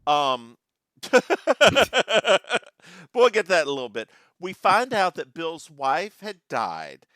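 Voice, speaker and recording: A man's voice: huge pitch swings, slow, bright, forceful tone, dry recording. A man co-hosting a podcast, chatting casually and campily about an old sitcom episode. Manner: campy, jokey, bursts into falsetto singing. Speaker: podcast co-host. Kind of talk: casual recap chat.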